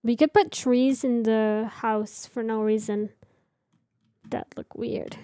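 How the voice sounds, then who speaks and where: A woman's voice: fairly high pitch, steady tone, takes it slowly, mellow, clear, resonant tone. A young woman streamer chatting casually with her viewers while building in a game, rambling and answering chat.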